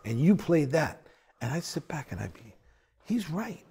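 A man, a bassist, telling stories in a sit-down conversation, acting out quotes with big swings in his voice. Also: normal speed. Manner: animated storyteller, acts out quotes with big pitch swings.

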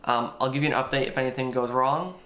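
A man's voice: mid-range voice, steady tone, quick pace, a bit bright, a little hiss or hum. A young man chatting casually as he unboxes and sets up a laptop, thinking aloud with plenty of fillers. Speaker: tech vlogger.

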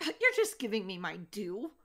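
A woman's voice: mid-range voice, huge pitch swings, a little slow. A woman running a tabletop role-playing game, teasing the players. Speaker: game master.

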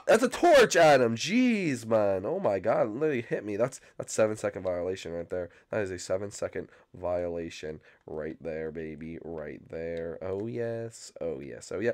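A young man doing excited, frantic gameplay commentary as a channel host, often yelping and screaming when chased. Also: sits low, normal speed, few pauses.

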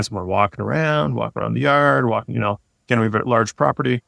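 A man's voice: mid-range voice, fast talker, gravelly, few pauses, dry recording, clean studio sound. A man in his forties, a podcast guest telling a story casually, rambling with many fillers and restarts. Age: 40s. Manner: rambling, lots of fillers and restarts, lively when retelling.

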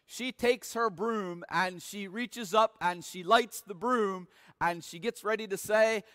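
A man preaches slowly and deliberately, his voice sitting high for a man. He leans hard into dramatic, emphatic readings of scripture. The sound carries a long reverb, as in a church sanctuary. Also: a bit bright. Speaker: pastor. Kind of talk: sermon.

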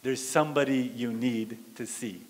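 Man playing God's still small voice: hushed, low, unhurried, echoey hall. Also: steady tone, natural voice. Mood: calm, insistent. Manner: quiet, low and slow.

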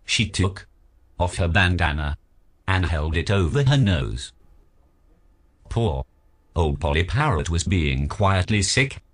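A man reading a children's picture book aloud as narrator, in an expressive storybook manner. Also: low-pitched, slow, long pauses, breathy edge.

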